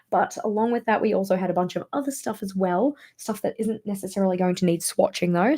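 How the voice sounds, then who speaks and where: A young woman with a tired, hoarse voice, chatting casually and rambling through a show-and-tell of her haul. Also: on the low side, darkish tone. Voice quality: gravelly. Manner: chatty, rambling with many fillers. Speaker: planner vlogger.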